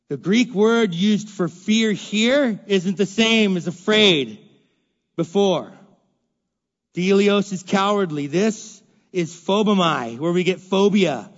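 A male pastor preaching a sermon, emphatic and repetitive, swinging between loud and hushed delivery. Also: high voice, takes it slowly. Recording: dull lo-fi recording in a reverberant hall.

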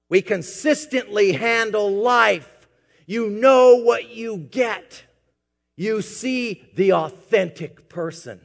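A man preaching a sermon as pastor, swinging from quiet asides to loud emphatic peaks. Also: high voice, takes it slowly, vocal fry, big-room sound.

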